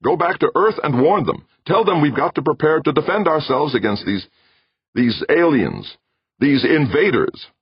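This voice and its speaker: A man voicing a lanky, alarmist male diplomat who talks in a shrill, insistent, accusing way. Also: very animated, moderate pace, husky, no room sound, exaggerated voice. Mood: alarmed, insistent. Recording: dull lo-fi, dry.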